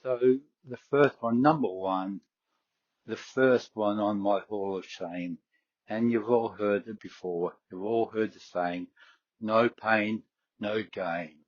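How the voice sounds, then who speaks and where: Middle-aged Aussie host from Queensland, low husky voice, chatty and halting, muffled close mic. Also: a little mellow, dry recording. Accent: Queensland Australian. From Queensland, Australia. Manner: rambling, hesitant, many fillers and restarts. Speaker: fitness podcast host. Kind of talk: casual solo talk.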